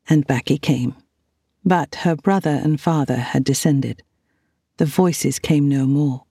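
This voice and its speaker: Slow, low-voiced woman narrating. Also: breathy edge, no echo, studio quality. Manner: measured, gentle reading. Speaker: audiobook narrator. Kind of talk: scripted narration.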